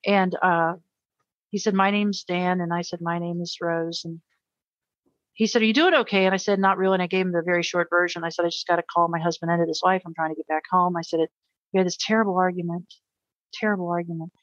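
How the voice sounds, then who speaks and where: A woman's voice: on the low side, steady tone, fast talker, dry recording, lo-fi sound. A middle-aged American woman, a guest in an interview, telling a personal story with earnest emotion and frequent repetition.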